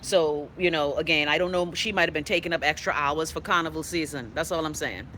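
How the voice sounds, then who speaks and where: Blunt Bahamian woman, bright voice. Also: low voice, brisk, slight background noise. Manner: blunt, profane, emphatic. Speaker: host. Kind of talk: live-stream commentary reading viewer comments.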